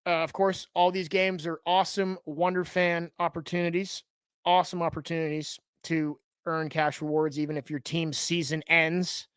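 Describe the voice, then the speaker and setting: Smooth-voiced joking live show host. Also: medium pitch, little pitch movement, normal speed, no echo. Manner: joking asides, teases and self-interrupts. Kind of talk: live show chat with sponsor plugs.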